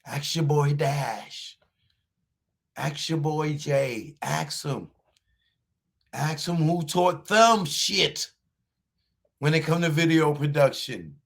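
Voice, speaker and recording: A man hosting a livestream, taunting a viewer in chat with drawn-out mocking questions and laughter. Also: on the high side, vocal fry. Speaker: livestream host.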